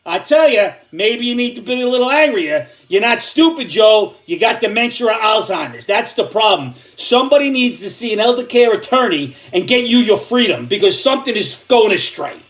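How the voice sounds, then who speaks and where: An older man with a fairly high voice rants in a comedic, sarcastic tirade. His pitch swings widely as he works himself up, stumbling over repeated words. He sounds angry and mocking throughout. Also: very animated, moderate pace, hardly any pauses, a bit bright. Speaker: comedic commentator. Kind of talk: comedic political rant.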